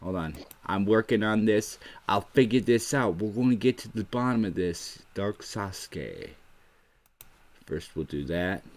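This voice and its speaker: A man with a very low voice hosts a casual livestream, chatting loosely to his viewers. He rambles and narrates every click as he fumbles with his computer. He is speaking close to a desk microphone. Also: lively intonation, normal speed, few pauses, a little mellow. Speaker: livestream host.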